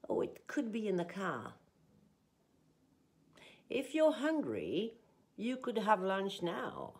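Slow, lively-toned woman teaching English. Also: medium pitch, gravelly. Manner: slow, deliberate teaching delivery. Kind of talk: language lesson with example sentences.

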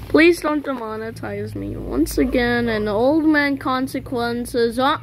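A woman's voice: on the high side, big pitch swings, takes it slowly, few pauses, background noise. A woman giving casual commentary over gameplay, rambling and joking with meme references. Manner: rambling, jokey, meme-quoting. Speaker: gaming channel host.

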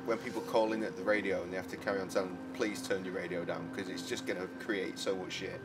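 A man's voice: low-pitched, steady tone, fast, heavy background noise. A man streaming a video game, bantering in a sweary, exasperated, wry way. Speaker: gaming streamer.

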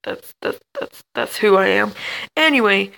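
A high-pitched male gamer with a heavily gravelly, fry-laden voice that swoops all over the place. He chatters excitedly at other players and yelps when things go wrong. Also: measured pace, low-quality recording. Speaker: gamer and channel host. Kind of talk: let's play commentary.

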